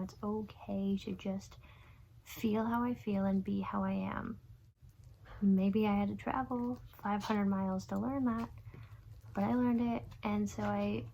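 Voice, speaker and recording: A woman's voice: mid-range voice, gravelly, a little hiss or hum. A young woman talking straight to camera in a casual confessional vlog. She rambles and overshares, filling gaps with ums and little laughs, and now and then drops to a whisper. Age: young adult. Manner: rambling, oversharing, with frequent fillers and soft laughs. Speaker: vlogger.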